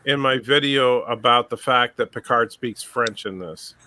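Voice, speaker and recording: A man's voice: mid-range voice, measured pace, bright, forceful tone. A man hosting a casual online chat, bantering with wry, opinionated remarks. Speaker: podcast host.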